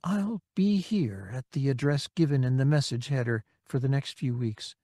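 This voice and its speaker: A tentative, hopeful young woman, read by a man in an audiobook, her voice rising and falling with lively pitch. She pleads gently, and the recording is dry and close. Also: moderate pace, dry recording, close to an everyday voice. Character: hopeful young redheaded woman in a holo message. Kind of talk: audiobook character reading.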